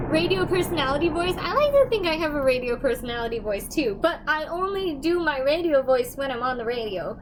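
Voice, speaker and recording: A woman's voice: sits high, animated, normal speed, background noise. A young woman, a medium, chatting goofily on a livestream and laughing often between rambling asides. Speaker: medium giving livestream readings. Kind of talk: casual livestream chat.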